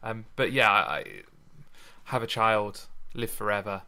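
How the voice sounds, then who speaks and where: A man's voice: lowish voice, steady tone, measured pace, bright, forceful tone, clear, resonant tone. A man co-hosting a podcast, chatting casually about poetry, often repeating words and laughing. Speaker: podcast co-host. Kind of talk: casual chat about sonnets.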